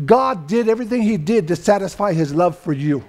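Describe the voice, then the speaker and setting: Older california preacher guy, really high voice, chatty sermon that gets loud and shouty. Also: lively intonation, fairly quick. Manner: loose, conversational preaching that swells into emphatic shouting. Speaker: pastor.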